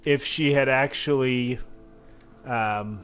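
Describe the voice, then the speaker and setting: A man co-hosting a game stream while playing, relaxed and matter-of-fact. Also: mid-range voice, slow, soft background music. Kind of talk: casual gameplay chat.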